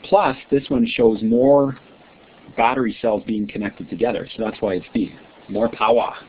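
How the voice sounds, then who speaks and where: A man's voice: lowish voice, steady tone, moderate pace. A male teacher giving an online science lesson, quizzing his students in a friendly way and often checking with "right?". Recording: tinny lo-fi line with faint hiss.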